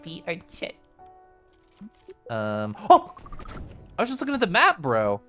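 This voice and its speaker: A streamer casually commenting on a game and reading chat aloud, chatty and excitable, with sudden loud bursts between mumbled asides. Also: medium pitch, unhurried. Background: game music.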